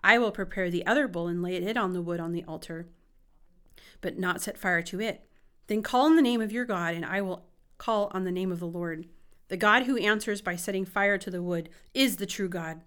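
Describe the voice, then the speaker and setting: A woman's voice: fairly low pitch, normal speed, fairly bright tone, clean tone, lightly acted. A woman reading the lines of a bold, fervent male prophet in an earnest, declaiming way. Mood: declaring.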